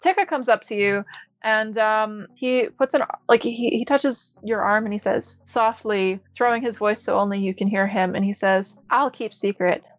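A woman narrating as game master for a tabletop game, relaxed and chatty with frequent fillers. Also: mid-range voice, normal speed, dry recording.

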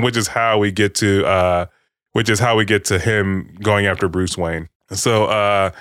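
A man's voice: fairly low pitch, moderate pace, fairly bright tone, smooth, dry recording, clean studio sound. A man casually recapping a movie with friends, rambling, swearing and acting out lines.

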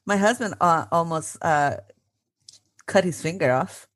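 A woman's voice: fairly low pitch, measured pace. A woman in her thirties co-hosting a podcast in casual chat, laughing often and mixing in Spanish phrases. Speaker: podcast co-host.

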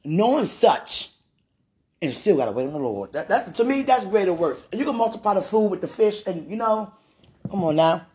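A woman's voice: medium pitch, sing-song, normal speed, darkish tone. Woman, casual monologue, laughing often, repeats herself, mixes chat and prayer. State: heartburn, hungry.

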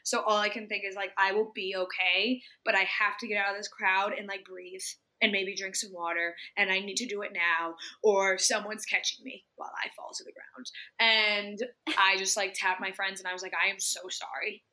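A woman's voice: mid-range voice, little pitch movement, moderate pace, few pauses, sharp tone. A young woman co-hosting a podcast, telling a story in casual, chatty talk that is full of swearing. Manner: chatty, swears freely, acts out her own panicked inner voice. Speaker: podcast co-host. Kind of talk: casual chat.

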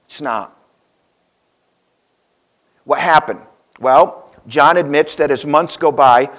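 A male pastor delivering a sermon in a voice a little higher than most men's. He tells the story dramatically, dropping low and quiet, then climbing into emphatic, raised lines when he voices the people in it. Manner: dynamic preaching, rising and falling, acting out quoted lines.

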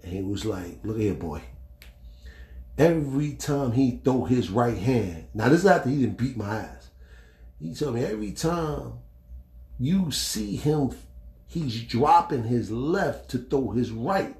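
A middle-aged man hosting a podcast, telling a story in a blunt, animated way, acting out the quotes and swearing freely. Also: mid-range voice, measured pace, reverberant. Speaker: podcast host. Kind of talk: casual storytelling monologue.

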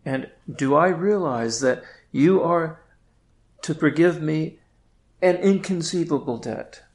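A man's voice: a little high, slow pace. A male priest giving a reflective prayer meditation, at times speaking directly to Jesus.

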